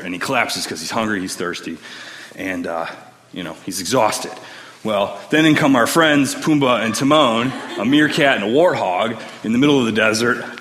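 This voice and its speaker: Animated man retelling a story. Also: mid-range voice, moderate pace. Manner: animated, chatty. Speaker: storyteller in a service. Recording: long hall reverb, faint noise.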